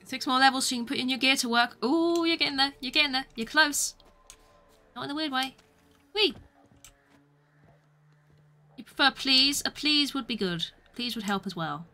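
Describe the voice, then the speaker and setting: A woman's voice: high-pitched, fairly quick, bright, forceful tone. A woman streamer giving playful, chatty commentary while playing a game, often breaking into exclamations. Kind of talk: casual gameplay commentary.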